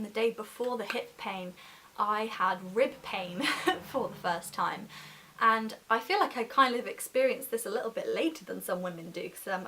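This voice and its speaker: A woman's voice: fairly high pitch, pushed and bright, a little hiss or hum. A pregnant woman in her twenties chatting casually in a vlog update, giggling often and filling with "like", sometimes short of breath. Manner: chatty, giggly, lots of "like" fillers. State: pregnant, gets out of breath talking. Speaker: vlogger.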